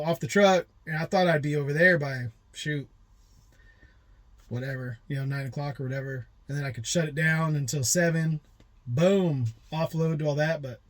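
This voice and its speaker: A chatty truck driver talks casually from his cab, rambling and retelling conversations with a loose, offhand ease. His voice sits a bit high for a man. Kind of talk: casual vlog narration.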